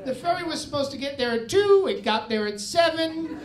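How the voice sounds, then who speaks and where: A high-voiced man performs stand-up with an animated, punchy delivery. He works a club stage, and his voice rings through an echoey room. A crowd laughs audibly around him. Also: moderate pace. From United States. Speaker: stand-up comedian. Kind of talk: stand-up comedy set. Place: comedy club stage with live audience.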